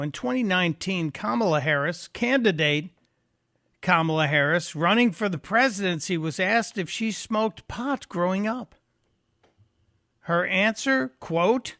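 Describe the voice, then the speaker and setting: High, gravelly-voiced sarcastic radio host. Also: male voice, a bit bright, no echo, studio quality. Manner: sarcastic, mocking commentary. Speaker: fill-in radio talk host. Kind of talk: talk radio monologue.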